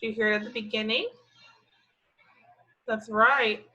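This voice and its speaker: A woman teaching a remote phonics lesson to young children, stretching out each word slowly as she sounds it. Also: a little high, fairly even intonation, bright, forceful tone. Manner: slow, drawn-out sounding of words. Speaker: preschool teacher. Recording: slightly dull lo-fi audio.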